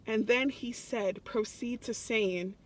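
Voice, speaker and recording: A young man telling a story to his phone camera in a public place, excited and chatty, often breaking into laughs. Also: sits high, takes it slowly. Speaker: vlogger. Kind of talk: casual vlog storytelling.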